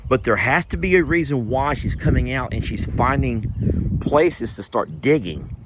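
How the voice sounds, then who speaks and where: A man's voice: medium pitch, animated, unhurried, noisy background. A man with a Texan accent hosting a casual ranch vlog outdoors in a pasture, chatting in a folksy way straight to his viewers. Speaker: ranch vlogger, host.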